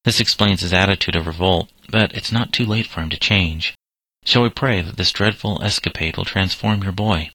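A kind, calm doctor's wife from a storybook, voiced by a male reader. Her lines sit low with a bright edge, in a close, dry recording. The reading stays near the narrator's own voice. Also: normal speed, no room sound, rough recording. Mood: gentle.

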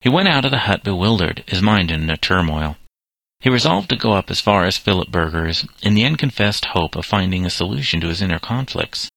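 A man reading a story aloud as narrator, in a steady, plain way. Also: sits low, brisk, creaky, no echo, rough recording.

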